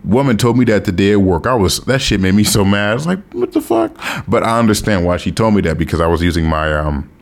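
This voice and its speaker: A man's voice: deep voice, fast talker, hardly any pauses. An American man hosting a podcast, talking casually and bluntly on his own and swearing freely. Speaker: podcast host. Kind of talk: casual solo podcast talk.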